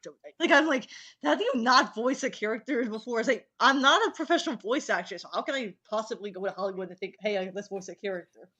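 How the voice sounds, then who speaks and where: A teenage girl hosting a casual chat, rambling and giggling between quick asides. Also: a little high, animated, pushed and bright, dull audio. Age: teens. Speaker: host. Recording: echoey call audio.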